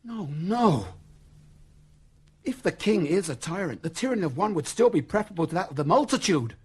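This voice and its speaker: A man's voice: high-pitched, big pitch swings, fairly quick, husky, heavily acted. An actor playing an earnest young Royalist officer who pleads passionately for his faith and king, in a 1970s radio drama. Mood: anguished. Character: young Royalist officer, devout, principled, torn.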